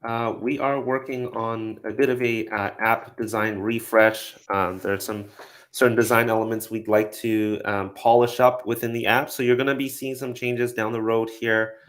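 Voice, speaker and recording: A man with a medium-pitched voice hosts a casual software product update at normal speed. He's relaxed and uses lots of fillers, wrapping up with upbeat sign-offs.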